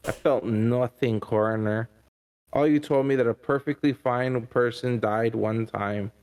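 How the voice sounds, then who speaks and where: A man co-hosting a casual reaction stream. He trades jokey, deadpan asides in a mid-pitched voice. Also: measured pace, clear, resonant tone. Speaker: stream co-host.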